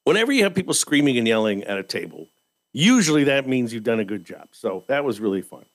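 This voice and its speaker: Lively storytelling man in mid pitch. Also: quick pace. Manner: lively anecdotal storyteller, laughs often. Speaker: podcast co-host. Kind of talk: casual chat.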